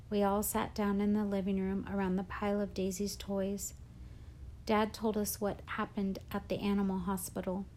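Lady reading a storybook out loud, soft and feeling, kinda mellow voice. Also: medium pitch, a little hiss or hum. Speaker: audiobook narrator. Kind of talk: audiobook reading.

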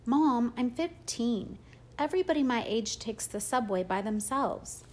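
A woman's voice: on the high side, expressive, measured pace, darkish tone, voice pushed up. A woman voicing a fifteen-year-old girl who answers in clipped, insistent bursts, read as part of an audiobook.

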